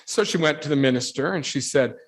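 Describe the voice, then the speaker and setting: A man with a slightly higher voice delivers a devotional talk to a young audience. He tells lively stories and keeps asking rhetorical questions. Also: fairly quick. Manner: animated storytelling, rhetorical questions. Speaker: religious speaker addressing youth.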